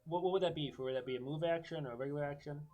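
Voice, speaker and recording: A man playing a character in a tabletop game, asking quick questions about the rules. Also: fairly high pitch, warm tone, muffled recording. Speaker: player. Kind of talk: casual tabletop play.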